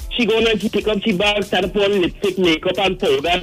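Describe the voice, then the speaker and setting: A man calling in to a radio show and telling a joke in a plain, steady way. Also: high-pitched, fairly quick, soft background music. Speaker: radio caller. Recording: phone call on air.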